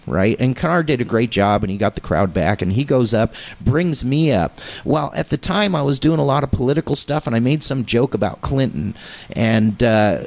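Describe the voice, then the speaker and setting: A middle-aged man, a comedian, telling a long story casually on a radio talk show, getting animated as it builds. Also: creaky. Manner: animated anecdote-telling, pitch jumps when excited.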